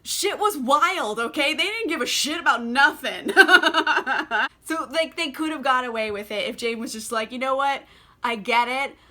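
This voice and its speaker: A young woman with a bright, forceful voice pitched a bit high talks casually over a glass of wine. She is chatty and sarcastic, and scatters "like" through every sentence. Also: animated, a little slow. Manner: chatty and sarcastic, heavy use of "like"; drinking wine while talking. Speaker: book vlogger. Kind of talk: casual chat.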